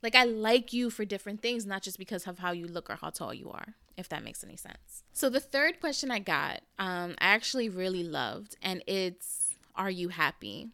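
A woman's voice: mid-range voice, lively intonation, normal speed, creaky, hardly any pauses, bright, forceful tone, no echo, clean studio sound. A young adult woman hosting her own podcast, talking candidly and casually to listeners, saying "y'all" and "like" often. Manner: candid, conversational, uses "y'all" and "like". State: emotional, near tears. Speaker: podcast host. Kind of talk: casual solo podcast talk.

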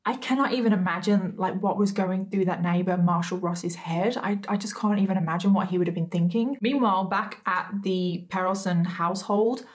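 A woman's voice: mid-range voice, brisk, few pauses. Chatty woman telling true crime. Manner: chatty, with frequent asides to viewers and emphatic disbelief. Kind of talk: casual true crime storytelling to camera.

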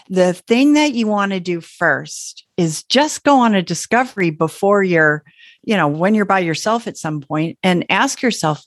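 A woman working as a parenting coach, explaining calmly and gently in a casual talk. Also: mid-range voice, dry recording, clean studio sound.

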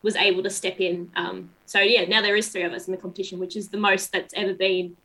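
Bubbly young woman, bright voice. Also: mid-range voice, little pitch movement, quick pace, poor audio. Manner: bubbly, laughs often, chatty. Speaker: guest. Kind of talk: casual interview over video call. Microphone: video call.

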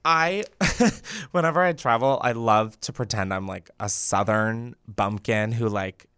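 A woman co-hosting a podcast in casual chat, bubbly and jokey, quick to laugh. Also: a bass voice, fairly bright tone, smooth, no echo, studio quality. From the Valley, California. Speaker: podcast co-host.

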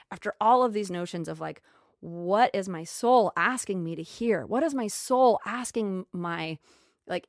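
A woman talking in an earnest, emotional way about her spiritual growth. She often repeats phrases and goes soft and slow. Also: medium pitch, no echo, studio quality. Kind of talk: reflective spiritual monologue.

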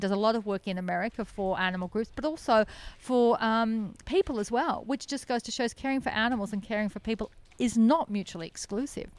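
A middle-aged woman, founder of an animal sanctuary, telling stories in a podcast interview in an earnest, enthusiastic way and laughing often. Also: medium pitch. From Australia.

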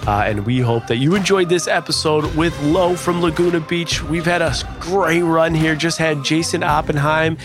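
A man's voice: on the high side, normal speed, few pauses, music in the background. A man co-hosting a podcast, chatting in a loose, enthusiastic way and swearing now and then. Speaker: podcast co-host. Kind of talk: casual podcast chat.

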